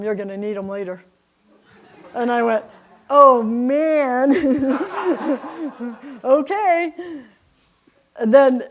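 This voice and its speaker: A woman's voice: fairly high pitch, a little mellow. Chatty woman telling stories at church. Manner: chatty, laughs often. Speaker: church speaker. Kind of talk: personal storytelling to a congregation. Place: church service.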